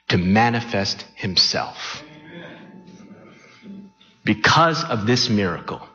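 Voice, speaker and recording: Slow, bright-voiced preacher in a hall. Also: male voice, mid-range voice, lively intonation, faint music behind. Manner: dramatic, acts out the story with sudden shouts. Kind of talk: animated sermon storytelling. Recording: muffled sound in a reverberant hall.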